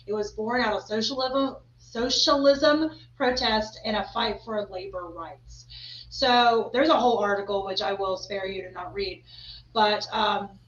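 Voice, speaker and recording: A woman's voice: mid-range voice, fairly even intonation, a little slow. Chatty woman podcast host, roomy sound. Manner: chatty and rambling, full of fillers. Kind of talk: casual chat. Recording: roomy, slightly dull recording.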